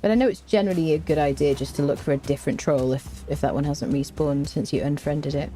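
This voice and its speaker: A woman's voice: low voice, fairly quick, few pauses, warm tone, soft background music. A woman streaming a game, chatting casually with viewers and humming little tunes to herself as she plays. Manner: greets chat viewers by name. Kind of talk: casual gameplay commentary.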